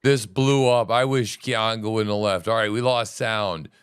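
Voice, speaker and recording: Cursing freely, a livestream host gives live reaction commentary on what he's watching, swinging from loud, excited outbursts to low muttering. His smooth, clear voice is recorded close and dry, with no echo or room sound, at a moderate pace.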